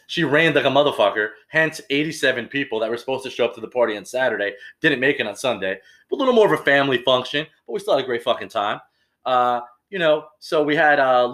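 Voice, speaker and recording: A man's voice: mid-range voice, fairly bright tone. A man in his forties, a podcast co-host telling rambling, profane stories in casual chat. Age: 40s. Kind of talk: casual crude comedy chat.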